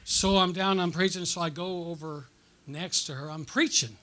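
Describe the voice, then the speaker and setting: A pastor preaching a conference sermon, telling stories and drawing call-and-response from the congregation with frequent "okay?" and "amen?" checks. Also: male voice, a little high, normal speed, pushed and bright, a little hiss or hum. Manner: storytelling with audience call-and-response.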